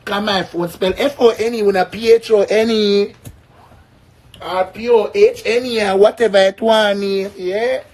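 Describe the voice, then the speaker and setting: A man's voice: sits high, steady tone, measured pace, darkish tone. A man from Jamaica with a Jamaican accent, ranting casually to his viewers in a brash, boastful way, swearing often. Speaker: vlogger. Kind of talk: casual rant to camera.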